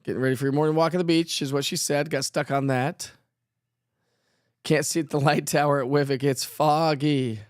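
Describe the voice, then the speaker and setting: A man's voice: on the high side, fairly even intonation, normal speed, clear, resonant tone, no room sound, studio quality. A man hosting a casual live weather show, chatty and playful, who jokes at his own expense and laughs often. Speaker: weather forecaster host.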